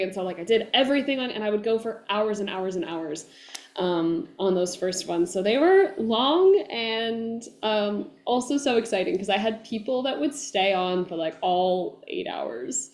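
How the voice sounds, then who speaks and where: A woman voice actor chatting as an interview guest, animated and full of fillers, acting out fans' excited voices. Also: medium pitch, normal speed. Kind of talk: casual interview chat. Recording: echoey room.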